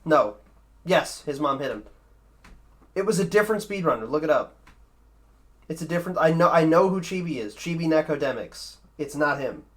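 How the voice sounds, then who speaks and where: A man's voice: a little high, animated, moderate pace, long pauses. Profane rambling male streamer. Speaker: streamer, speedrunner. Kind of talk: casual chat with stream viewers while gaming.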